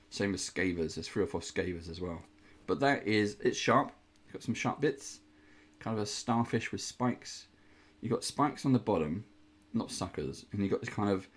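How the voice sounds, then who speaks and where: A man hosting a casual unboxing indoors, chatty and rambling, with playful groans of disgust. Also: lowish voice. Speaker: host unboxing miniatures.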